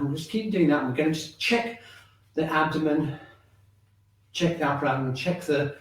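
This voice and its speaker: Calm man guiding a qigong class. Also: a little high, normal speed, pauses often, recorded from a distance. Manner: calm, encouraging instructions, often checking in with "okay". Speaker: shiatsu and qigong teacher. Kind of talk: guiding an online movement class. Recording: very echoey room, voice off-mic.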